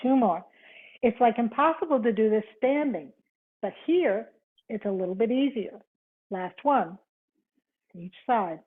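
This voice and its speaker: A woman's voice: a little high, expressive, a little slow, long pauses, slightly rough. A woman yoga instructor cueing a live online class, counting reps, giving short cues and chatting with students. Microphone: video call. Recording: tinny video-call audio.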